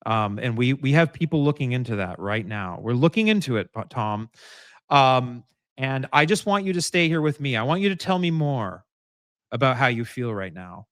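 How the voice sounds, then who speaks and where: A man playing a calm, soothing male hostage negotiator who speaks softly and reassuringly. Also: medium pitch, no room sound, studio quality, close to an everyday voice. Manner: slow, soft, reassuring.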